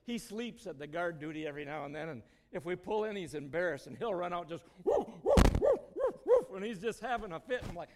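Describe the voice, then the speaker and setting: A middle-aged man with a fairly high voice gives a homespun sermon, spinning personal stories and chuckling as he goes. His voice carries a long reverb, as if heard through a church hall. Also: lively intonation, fast talker, few pauses, a little hiss or hum. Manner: folksy, storytelling, chuckles often. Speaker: church speaker.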